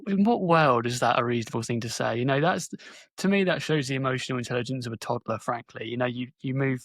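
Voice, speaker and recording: A man's voice: medium pitch, quick pace, fairly bright tone, dry recording, studio quality. A man hosting an interview podcast, direct and opinionated with a sardonic edge. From Britain. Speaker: podcast host.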